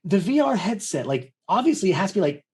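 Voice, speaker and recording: Loose, jokey male podcast co-host with a lively, swinging voice. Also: high-pitched, fast. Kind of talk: casual comedy podcast chat.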